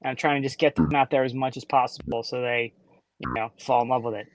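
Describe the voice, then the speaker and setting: A man's voice: medium pitch, steady tone, fast, poor audio. A man chatting as a podcast guest, rambling with lots of you-knows. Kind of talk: casual chat.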